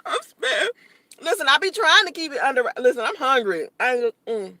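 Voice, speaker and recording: A woman's voice: high voice, sing-song, fairly quick, sharp tone, no echo. A woman in her late thirties hosting a casual livestream, eating and talking with her mouth full, blunt and profane. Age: 30s. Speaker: livestream host.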